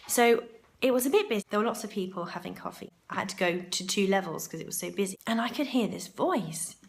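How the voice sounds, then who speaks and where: A woman's voice: mid-range voice, lively intonation, fast, creaky. Chatty woman with a groggy throat. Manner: chatty and rambling, with asides to herself. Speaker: vlogger. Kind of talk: chatty vlog monologue. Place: hotel ladies' room for part of it.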